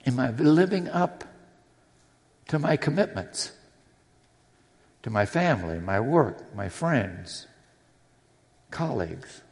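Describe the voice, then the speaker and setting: A man's voice: medium pitch, very animated, takes it slowly, gravelly, long pauses, a little mellow. A man preaching a sermon in a church, earnest and personal, with readings from scripture. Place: church sanctuary. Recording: long hall reverb.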